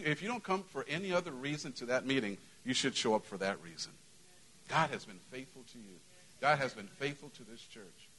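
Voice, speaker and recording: A man's voice: mid-range voice, pushed and bright, low-quality recording. Middle-aged pastor guy chatting through church announcements, loose and folksy, lots of you-knows. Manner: conversational, full of "you know" fillers. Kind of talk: church announcements and sermon opening. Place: church sanctuary.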